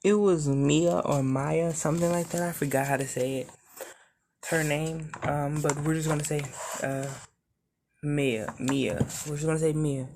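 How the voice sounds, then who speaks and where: A narrator improvising a fan-made story, talking in a halting way with many ums and correcting details as they go. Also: medium pitch, fairly even intonation, noisy background.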